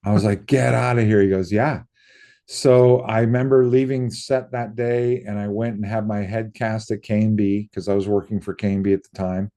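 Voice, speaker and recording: Brief: middle-aged man, low mellow voice, casual interview guest spinning anecdotes and mimicking the people in them. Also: normal speed, hardly any pauses. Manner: lively storyteller who acts out quoted voices, casual swearing. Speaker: interview guest, makeup effects artist.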